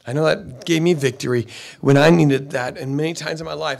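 A man's voice: fairly high pitch, steady tone, fairly quick, creaky, darkish tone. A man preaching a sermon as pastor, emphatic and given to repeating phrases.

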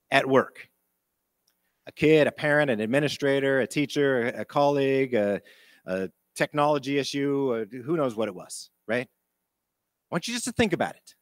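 A middle-aged man giving a storytelling workshop talk to educators, animated and asking the audience questions. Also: mid-range voice, no echo. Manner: animated, acts out quotes, asks the audience questions. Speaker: conference presenter, former principal. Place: conference breakout room.

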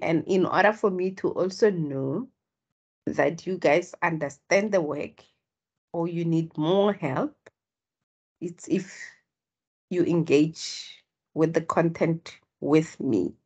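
A woman with a husky voice tutoring statistics online. She explains each step and prompts her students to speak up. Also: sits low, takes it slowly, long pauses, darkish tone.

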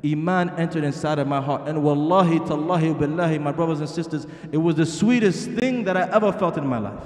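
A man's voice: on the high side, brisk, darkish tone. A middle-aged man preaching a sermon in a masjid hall, earnest and asking the audience rhetorical questions. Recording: echoey hall.

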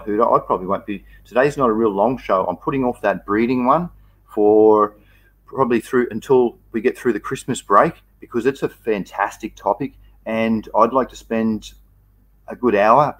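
Laid-back Australian man, lowish voice. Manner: reads viewer comments aloud and greets them by name. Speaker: livestream host. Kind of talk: casual livestream chat.

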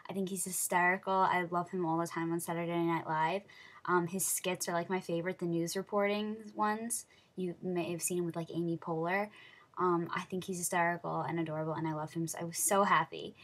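A teenage girl recounts her day in a chatty vlog, her voice bright and forward. She gushes along, packing her sentences with fillers and tumbling from one thought to the next. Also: lowish voice, a little fast. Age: teens. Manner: gushing, excitable, many "like" fillers. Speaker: vlogger. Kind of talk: casual storytelling vlog.

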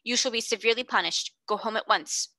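Woman reading as a haughty, shrill schoolmistress. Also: expressive, normal speed, sharp tone, dry recording. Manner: haughty, rigidly polite, shrill when shocked. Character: stern, indignant middle-aged schoolmistress. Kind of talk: audiobook character reading.

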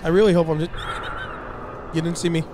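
A man's voice: on the high side, level tone, a little fast, dark tone, slight background noise. A young man casually commentating a co-op horror game, joking with crude rhyming banter and giggling. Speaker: gaming channel co-host. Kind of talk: casual let's-play commentary.

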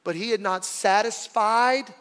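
A man preaching a sermon as pastor, telling a story dramatically, swinging from loud calls to hushed words. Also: sits high, a little slow, clear, resonant tone, in a large hall.

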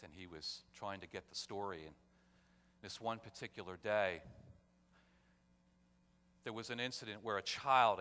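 A male pastor preaching a sermon, swinging between loud, emphatic calls and quiet, low storytelling. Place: church sanctuary. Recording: long church hall reverb.

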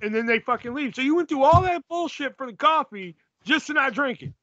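A man's voice: extremely high pitch, animated, fairly quick, pushed and bright, dry recording, lo-fi sound. A man co-hosting a podcast, retelling movie scenes in a casual, profane way. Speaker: podcast co-host.

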